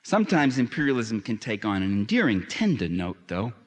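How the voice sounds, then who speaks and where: A man's voice: fairly low pitch, sing-song, a little fast. A man giving an impassioned public lecture, emphatic, with sardonic asides and fervent peaks. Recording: long hall reverb.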